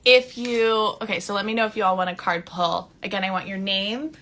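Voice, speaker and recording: A woman in her thirties, a spiritual coach, talking casually on a live stream with warm enthusiasm and frequent laughter. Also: mid-range voice, a little fast. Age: 30s. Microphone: phone.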